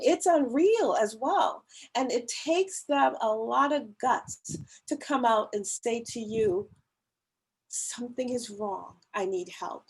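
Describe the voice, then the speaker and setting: A woman's voice: sits high, a little mellow, rough recording. A woman speaking in a church women's ministry service, earnest and emphatic as she urges listeners to hear those in need. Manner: slow, earnest, emphatic pleading. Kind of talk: church talk on mental health. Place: church service, online meeting.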